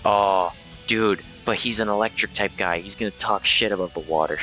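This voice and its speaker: Male streamer, live game commentary, excitable, profane, low pitch, bright tone. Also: normal speed, soft background music.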